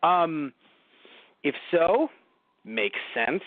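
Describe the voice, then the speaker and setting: Male podcast co-host, sarcastic rambler, slightly high voice, dry phone-like audio. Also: sing-song, extremely slow, no echo. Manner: rambling, sarcastic, swears freely. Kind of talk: casual movie review chat.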